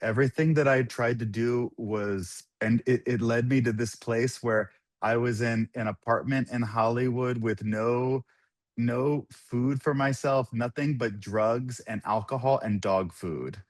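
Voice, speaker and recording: Animated man telling stories, dry sound. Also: mid-range voice, measured pace, no room sound. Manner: animated, laughing often, quoting others. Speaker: podcast guest. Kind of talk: casual storytelling.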